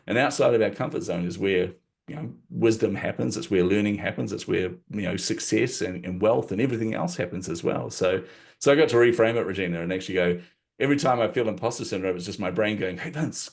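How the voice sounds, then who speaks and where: Low husky-voiced man telling a story. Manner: lively storyteller who laughs often. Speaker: podcast guest. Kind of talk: storytelling in a podcast interview.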